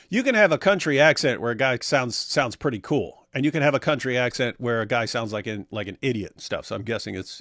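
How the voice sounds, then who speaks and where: A man's voice: mid-range voice, fairly bright tone, no room sound, studio quality. Jokey, rambling man on a livestream. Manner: jokey, rambling, laughs at his own puns. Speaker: co-host of a livestream reading viewer comments. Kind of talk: casual livestream banter.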